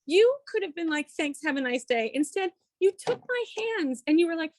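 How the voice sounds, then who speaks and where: A woman's voice: very high-pitched, sing-song, moderate pace, few pauses, no echo. A woman co-hosting a video call interview, bubbly and emotional. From Nashville-based. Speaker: co-host and country singer.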